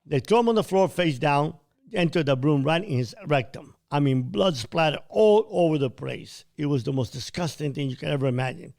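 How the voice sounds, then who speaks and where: Gravelly man recounting a story. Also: a little high, expressive, normal speed, a little mellow. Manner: blunt, vivid retelling with quoted dialogue; occasionally profane. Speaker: podcast host. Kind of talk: first-person storytelling.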